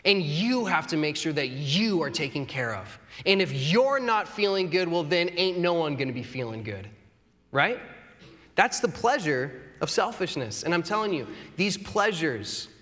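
A man's voice: a little high, sing-song, measured pace, a bit bright. A man in his thirties preaching a sermon in a conversational, earnest way, with self-deprecating humor. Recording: long hall reverb.

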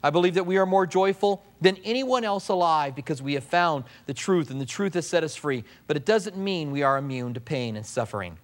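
A man's voice: on the high side, fairly quick, few pauses. A man preaching a sermon as pastor, in a conversational way, often mimicking what people say.

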